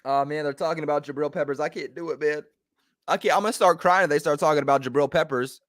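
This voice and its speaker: A young man hosting a fan watch party, giving live play-by-play and reactions, calm in his breakdowns and yelling at big plays. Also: on the high side, quick pace, dry recording, studio quality. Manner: excitable, swings from calm analysis to yelling.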